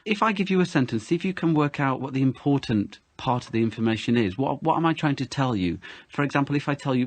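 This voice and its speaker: A man teaching pronunciation in an interview, explaining patiently and slowing down to stress words in an exaggerated way. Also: mid-range voice, expressive, dry recording. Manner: clear explanations, slow exaggerated word stress.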